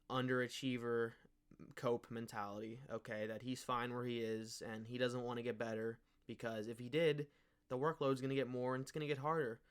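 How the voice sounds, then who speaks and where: A young man rants in casual commentary, heavy on slang and cursing. He mocks his target with offhand scorn. His voice sits at an ordinary middle pitch. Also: smooth. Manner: slangy, mocking, swears a lot. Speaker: MMA commentary YouTuber.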